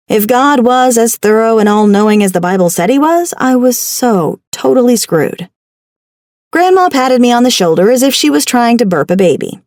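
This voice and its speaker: Wry, expressive woman narrating an audiobook. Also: a little high, no room sound, studio quality. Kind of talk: first-person audiobook narration. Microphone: studio microphone.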